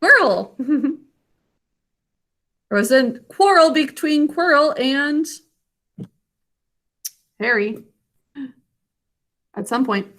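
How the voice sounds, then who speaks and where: A woman teaching an online spelling lesson to children, speaking slowly and clearly. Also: high-pitched, lively intonation, fairly bright tone. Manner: slow, clear enunciation for children.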